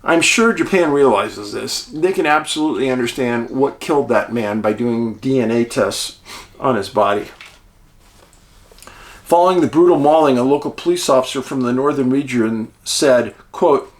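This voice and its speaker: A man's voice: mid-range voice, lively intonation, normal speed. A man hosting his show, talking in a folksy, chatty way straight to his viewers. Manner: folksy, chatty, addresses listeners as friends. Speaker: show host. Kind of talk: casual monologue.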